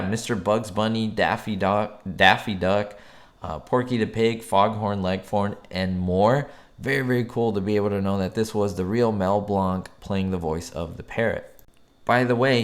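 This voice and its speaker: Low-ish voiced guy chatting to his viewers about old tv stuff, friendly and upbeat. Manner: chatty, upbeat, recaps scenes with asides. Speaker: TV trivia YouTuber. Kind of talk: casual explainer monologue.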